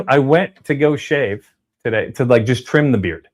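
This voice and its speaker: A man hosting a casual livestream, chatty and upbeat as he reads out viewer donations and shout-outs. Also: medium pitch, lively intonation, measured pace. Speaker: livestream host reading super chats.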